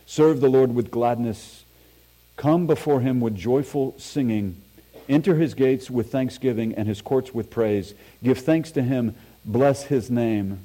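Man preaching with a mellow voice. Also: medium pitch, a little slow, low-quality recording. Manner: earnest preaching, reads scripture aloud, self-deprecating asides. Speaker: pastor. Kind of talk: sermon. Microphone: microphone.

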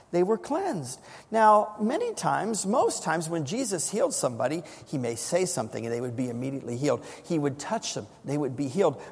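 A man preaching a sermon, building to dramatic shouts when he quotes scripture. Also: sits high, slightly rough. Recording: long reverb of a church hall.

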